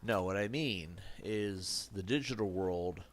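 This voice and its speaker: A man's voice: low voice, slow pace. A man streaming a game with a stuffy nose, talking casually in a reflective, rambling way with jokey asides. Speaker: live streamer. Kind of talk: casual live-stream talk while gaming.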